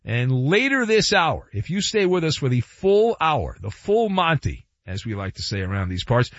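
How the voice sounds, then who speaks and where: Male sports radio host, lively and wry, slightly high voice, dry and somewhat dull studio sound. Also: moderate pace, dry recording. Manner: animated, wry and playful, with asides and repetition. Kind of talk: sports talk radio monologue. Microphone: studio microphone.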